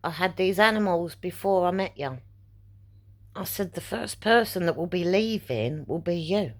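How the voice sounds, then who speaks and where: Middle-aged woman ranting thru a personal story on her vlog, lowish voice, acts out what everyone said. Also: expressive, moderate pace. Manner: indignant, rambling, re-enacts conversations. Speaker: vlogger.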